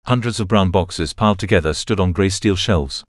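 A man reading a novel aloud as a narrator, in a steady, even way. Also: low-pitched, normal speed, no room sound, studio quality. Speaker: audiobook narrator. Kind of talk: scripted narration.

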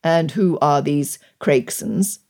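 A woman voicing a weary aristocratic gentleman in an audiobook, speaking in a clipped, impatient way. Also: low voice, slow pace, pitched below the performer's own voice.

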